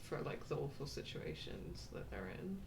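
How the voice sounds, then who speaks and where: A woman's voice: rumbling low, very animated, normal speed, vocal fry, slight background noise. A woman co-hosting a video game let's-play, chatting casually, laughing often and stopping to explain things. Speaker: co-host playing a video game.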